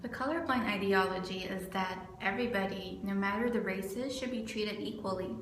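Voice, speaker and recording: A woman's voice: mid-range voice, normal speed, fairly bright tone. Young woman, student, scripted video essay narration, earnest, roomy echo, faint noise. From California. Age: young adult.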